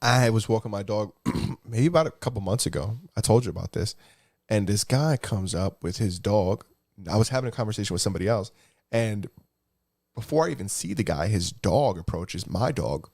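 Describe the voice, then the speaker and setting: A man's voice: fairly low pitch, lively intonation, normal speed, vocal fry, a little mellow, no room sound, clean studio sound. A man co-hosting a podcast, telling stories in a blunt, casual way and swearing freely. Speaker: podcast co-host. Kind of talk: casual chat, storytelling.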